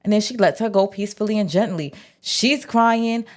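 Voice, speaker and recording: A woman, giving a casual, animated recap of a TV episode and acting out the characters' lines. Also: medium pitch, normal speed. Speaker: TV recap vlogger.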